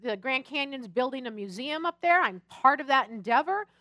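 A woman preaches a sermon in a lively, chatty way, mixing humor into her stories. Her voice sits high and sounds bright. It is recorded close and dry, with no room sound. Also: moderate pace, no echo. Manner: animated, chatty and humorous storytelling. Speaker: pastor.

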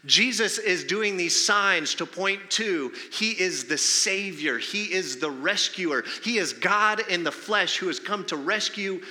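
Bright-voiced man preaching in a reverberant hall. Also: sits high, animated, measured pace, few pauses. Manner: conversational preaching with many rhetorical questions. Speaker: pastor. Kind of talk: sermon.

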